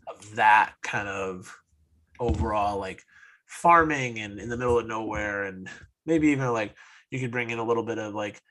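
A man's voice: fairly low pitch, normal speed, pushed and bright, rough recording. A man from upstate New York co-hosting a podcast, rambling casually with many restarts and fillers. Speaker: podcast co-host. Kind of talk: casual chat.

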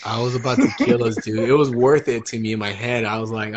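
A man's voice: medium pitch, fast talker, hardly any pauses, a little hiss or hum. A young man from California, rambling in casual banter with lots of swearing and fillers.

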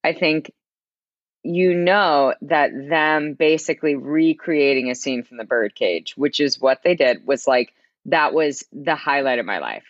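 A woman co-hosting a podcast in casual chat, animated and emphatic, laughing often. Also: sits low, a little slow, no room sound. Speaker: podcast co-host. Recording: slightly dull dry mic.

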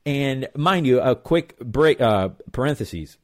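Speaking slowly in a mid-range, animated voice, a male percussionist recounts his story as an interview guest. He rambles casually, leaning on fillers and plenty of "blah blah."

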